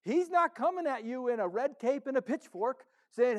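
Male pastor, high voice, chatty and playful sermon delivery, jumps from loud punches to hushed low asides. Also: animated, moderate pace. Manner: conversational, playful, acts out the congregation's inner voice; wide swings from loud emphasis to soft low asides.

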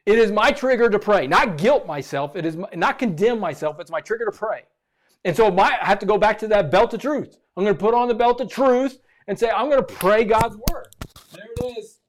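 A man preaching a sermon as pastor, animated and repeating phrases for emphasis. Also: high-pitched, fairly quick.

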